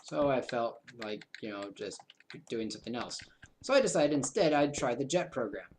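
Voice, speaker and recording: A man's voice: medium pitch, lively intonation, normal speed, a little hiss or hum. Rambling young man narrating a game. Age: 20s. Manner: rambling, self-mocking asides. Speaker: gaming video host. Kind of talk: casual game commentary.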